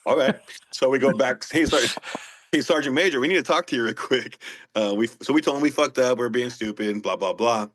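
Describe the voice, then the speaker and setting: A man's voice: mid-range voice, a little fast. A man, a former Marine guest, telling profane war stories in casual chat. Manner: profane, animated storyteller. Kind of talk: casual storytelling.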